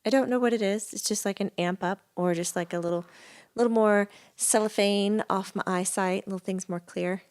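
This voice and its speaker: A woman's voice: mid-range voice, steady tone, moderate pace, a little mellow, clean tone. A woman co-hosting a casual podcast, telling stories animatedly and laughing often. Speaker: podcast co-host and medium. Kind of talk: casual chat.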